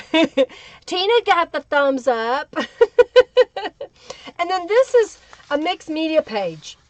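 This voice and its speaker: A woman's voice: high-pitched, no echo. A woman hosting a live crafting tutorial, chatting away and greeting viewers in the chat by name. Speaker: crafting livestream host. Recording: dull lo-fi livestream audio.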